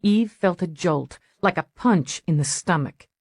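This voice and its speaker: A woman narrating a crime audiobook in a steady, measured storytelling voice on a close mic. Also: on the low side, no room sound. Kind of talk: scripted narration.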